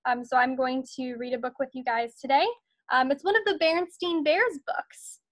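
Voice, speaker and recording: A woman teacher reads a picture book aloud to her students. She speaks in a high voice with an encouraging, storytelling manner. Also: steady tone, moderate pace.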